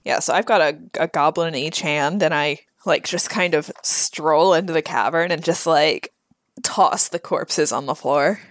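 A woman player in a casual tabletop game, describing her moves in a relaxed, easygoing way. Her voice is very low, and the recording is close and dry. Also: unhurried, no echo.

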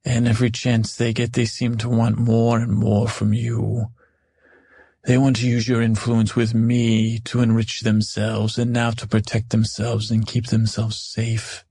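A man's voice: mid-range voice, completely flat delivery, unhurried, gravelly, warm tone, slightly rough. A man playing a hot-tempered queen. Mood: stern. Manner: commanding, regal declarations. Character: proud, hot-tempered adult woman queen.

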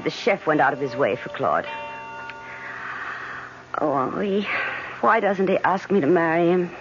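An actress playing a wealthy woman in a 1970s radio drama, speaking in a brisk, teasing, impatient way. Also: on the low side, animated, over music. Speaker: wealthy woman courting her suitor. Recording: dull old radio broadcast with hiss.

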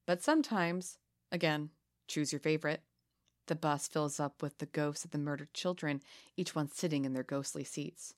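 A woman co-hosting a casual podcast, reading spooky legends aloud in a playful, giggly way with dramatic pauses. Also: low voice. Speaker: podcast co-host.

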